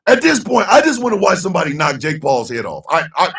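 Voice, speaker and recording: A man hosting a casual talk show, ranting loudly and cursing, swinging between shouting and low mutters. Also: huge pitch swings, quick pace, gravelly, few pauses, recorded from a distance, slight background noise. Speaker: host.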